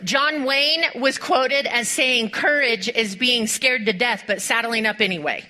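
Bright-voiced woman preaching a sermon. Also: a little high, a little slow. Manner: animated storytelling with rhetorical questions; addresses the congregation directly.

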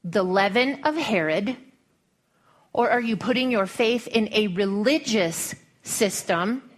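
A woman's voice: medium pitch, expressive, slow. A woman preacher with a Western American accent, giving a folksy, humorous sermon full of storytelling.

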